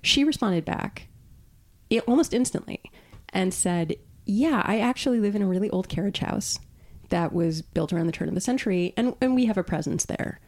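A woman from Brooklyn, a podcast guest, telling a personal story in casual conversation, animated, laughing and swearing freely. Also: mid-range voice, moderate pace. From Brooklyn, New York.

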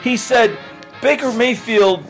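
A man's voice: very high voice, animated, slow, faint music behind, rough recording. An older man co-hosting a podcast, talking sports in an emphatic, repetitive way. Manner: emphatic, repeats himself. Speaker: podcast co-host. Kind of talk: casual sports chat.

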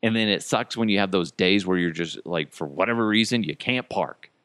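A man's voice: sits low, a little fast, fairly bright tone, clear, resonant tone, no echo, clean studio sound. A middle-aged man hosting a podcast, ranting casually about everyday annoyances, swearing freely and chuckling as he goes. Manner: profane, chuckling, exasperated venting. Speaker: podcast host.

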